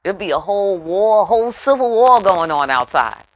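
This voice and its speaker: Animated, profane woman reading tarot. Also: mid-range voice, moderate pace, dry recording. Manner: animated, profane, chatty asides. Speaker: tarot reader.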